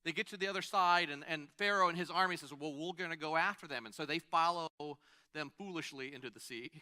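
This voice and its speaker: A man's voice: fairly high pitch, quick pace, pushed and bright. A man preaching a sermon in a conversational way, stopping to restart phrases and add asides. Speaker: pastor.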